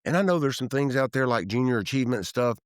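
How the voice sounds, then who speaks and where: Talking fast in a mid-range voice, a man in his fifties from Tennessee guests on an interview as a real estate developer. He's an animated, candid storyteller who acts out the dialogue he quotes and often breaks off and restarts. The office-room recording has no echo and clean studio sound.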